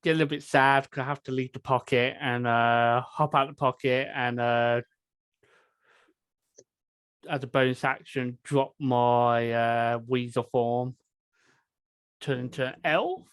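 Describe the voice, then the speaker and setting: A man playing a tabletop game, talking through his turn hesitantly with many pauses. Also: mid-range voice, steady tone, fairly bright tone, clean tone, no room sound, clean studio sound. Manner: hesitant, lots of uh's. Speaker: player. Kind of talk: casual tabletop play.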